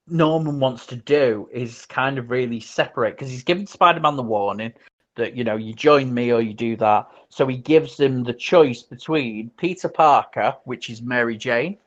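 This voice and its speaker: A man's voice: medium pitch, measured pace. Man retelling a film with lo-fi sound. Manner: animated retelling, acts out quotes, many ums and restarts. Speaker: podcast host. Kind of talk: casual film discussion.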